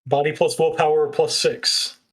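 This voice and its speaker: A man's voice: a little high, flat delivery, normal speed, slightly rough. A man running a tabletop role-playing game, narrating scenes and explaining rules. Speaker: game master.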